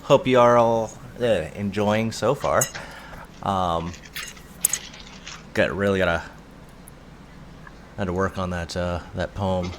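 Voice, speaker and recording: A man's voice: sits low, slow pace, pauses often, slight background noise. A man as game master, chatting casually and laughing easily while running a tabletop session from home. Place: home room.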